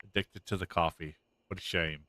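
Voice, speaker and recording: A man's voice: low-pitched, steady tone, normal speed, pushed and bright. A man streaming a video game, giving casual commentary full of dry, sarcastic muttering.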